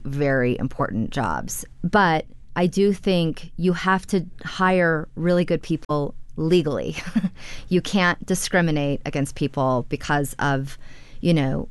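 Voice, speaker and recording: A woman's voice: sits low, clear, resonant tone, no echo. A woman reporter explaining her story in a conversational radio interview, with frequent "you know" fillers.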